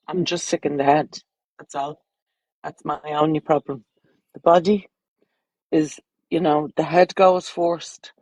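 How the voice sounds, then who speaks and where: A woman's voice: low voice, darkish tone, dry recording, rough recording. Blunt Irish woman, crude livestream chat. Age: adult, with children.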